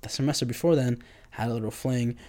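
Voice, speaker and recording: Young man, 20s, casual storyteller; loose, profane delivery with lots of "like" and animated self-quoting. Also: mid-range voice, fast. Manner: loose and profane, heavy on fillers like "like"; animated, acts out his own reactions.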